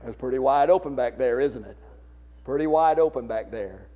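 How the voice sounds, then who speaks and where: This is singing workshop instruction from a church song leader with a Southern accent, who is folksy and encouraging and demonstrates techniques for the voice. He talks at medium pitch and a moderate pace. The recording sounds muffled and lo-fi.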